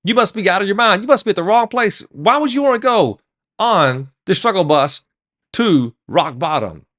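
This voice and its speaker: An overexcited, boastful traveler talks in a raised, eager voice, as a preacher puts him on. He sounds incredulous and full of himself, pitched well above a plain speaking voice. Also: animated, moderate pace, a bit bright. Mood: excited, incredulous. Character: excited, boastful man passenger bound for the mountaintop.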